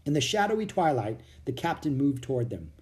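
A reader narrating a children's storybook aloud with an expressive delivery. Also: medium pitch, fairly quick. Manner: expressive, animated reading. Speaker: audiobook reader.

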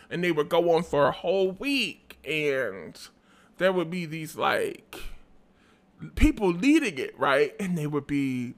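A man hosting a podcast, telling stories in a chatty, animated way with playful asides, tired and yawning. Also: a little high. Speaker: podcast host. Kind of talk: casual chat.

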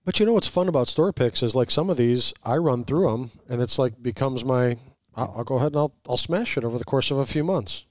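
A man co-hosting a casual podcast chat, playful and teasing, quick to laugh. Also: mid-range voice, dry recording, clean studio sound. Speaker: podcast co-host.

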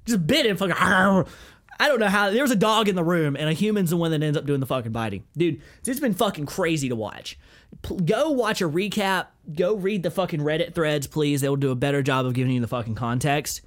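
A young man hosting a podcast, telling a story in a profane, rambling, excitable way. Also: on the high side, a little fast. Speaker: podcast host. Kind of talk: casual chat.

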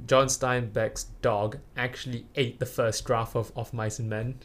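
A man with a mid-range voice chats casually about a book. He asks questions and tosses in jokes in an easygoing, relaxed manner. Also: medium pitch, unhurried. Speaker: book discussion participant. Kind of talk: casual discussion.

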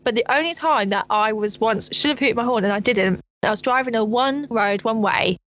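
A young woman, co-hosting a podcast, telling animated stories in casual chat. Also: normal speed, rough recording. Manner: animated storytelling, swings to high excited pitch. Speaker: podcast co-host.

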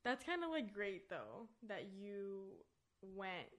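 A woman's voice: mid-range voice, sing-song, slow pace, fairly bright tone. Easygoing young woman podcast host. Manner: easygoing, filler-heavy. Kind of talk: casual chat.

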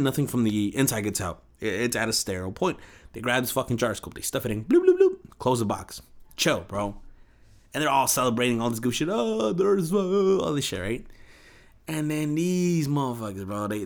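Profane animated young man ranting. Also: mid-range voice. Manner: animated, profane, slangy, mimics people. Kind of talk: casual storytelling rant.

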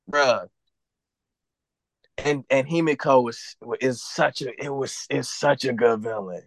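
Gravelly, blunt ranting podcast guy. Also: mid-range voice, takes it slowly, long pauses, dry recording. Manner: blunt, profane, heated ranting. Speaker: podcast co-host. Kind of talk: casual chat.

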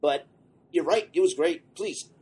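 A man co-hosting a casual comics podcast, rambling and excitable, running a comic shop and apologizing for talking too much. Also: on the high side, unhurried, slight background noise. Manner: rambling, excitable, self-deprecating.

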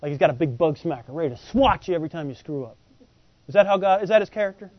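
A man preaches with a high, lively voice, swinging from quiet asides to loud bursts as he acts out the people in his stories. The recording is close and dry, with a dull, lo-fi podcast sound. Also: rapid-fire, no echo. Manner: animated, folksy, acts out voices in quotes. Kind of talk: sermon.

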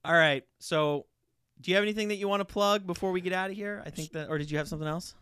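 A man's voice: high-pitched, quick pace, fairly bright tone, clear, resonant tone, no echo, studio quality. A man hosting a podcast, chatting casually and laughing easily. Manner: laughing, easygoing. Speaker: podcast host. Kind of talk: casual chat.

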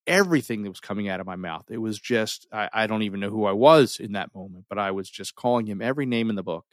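Male storyteller, middle-aged, low voice, lively recounting with restarts and pauses; close, dry sound. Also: no room sound. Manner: animated, with many restarts and dramatic pauses. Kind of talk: personal storytelling.

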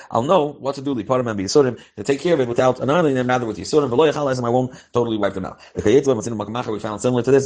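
A man teaching a religious text line by line, each phrase with a pronunciation and then translating and explaining it. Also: medium pitch. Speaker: Torah teacher. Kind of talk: line-by-line text study, mixing Hebrew and English.

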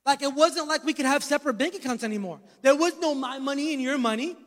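High-voiced preaching man in a hall. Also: quick pace, few pauses, fairly bright tone. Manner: storytelling, rising to emphatic preaching. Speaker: pastor. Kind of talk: sermon with personal testimony.

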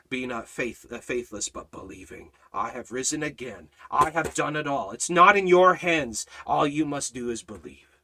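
Bright-voiced man preaching with swelling intensity. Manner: swings from hushed, low passages to loud, high-pitched preaching. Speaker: Bible study teacher. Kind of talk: impassioned sermon.

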